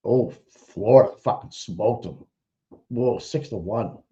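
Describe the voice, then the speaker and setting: Blunt, swearing man, mellow voice. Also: on the low side, slow pace. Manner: blunt, rambling, swears often. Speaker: livestream host. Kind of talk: casual profane livestream commentary. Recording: dull lo-fi audio.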